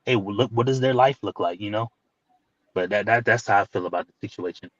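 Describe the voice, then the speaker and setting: A man's voice: fairly low pitch, fairly quick, no room sound, muffled recording. A man giving his opinions in casual talk, rambling and leaning on "you know" fillers.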